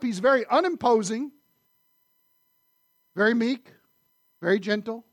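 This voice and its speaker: A man preaching a sermon, animated, swinging from loud emphasis to quiet asides. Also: high voice, no room sound, studio quality. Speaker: pastor.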